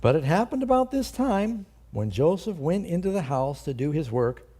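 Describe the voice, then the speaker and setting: Mellow husky older male pastor. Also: on the high side, big pitch swings, moderate pace. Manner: conversational Bible teaching with rhetorical questions. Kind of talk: sermon.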